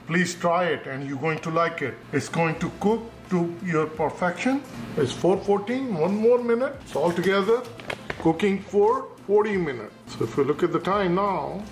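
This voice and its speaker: This cooking host has a high, animated voice and speaks at a moderate pace. Instructive and careful, he narrates each step with times and repeats his warnings to stay safe in a home kitchen, recorded in an echoey room with faint noise.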